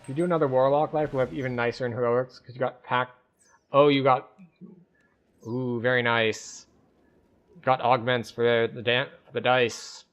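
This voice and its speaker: A man streaming a video game, giving relaxed, casual commentary and thinking aloud as he plays. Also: medium pitch, normal speed.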